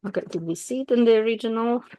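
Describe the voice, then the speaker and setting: A woman's voice: on the high side, fast, dark tone, no room sound. A woman whose first language is Russian, teaching while reading aloud, thinking aloud with fillers and self-corrections.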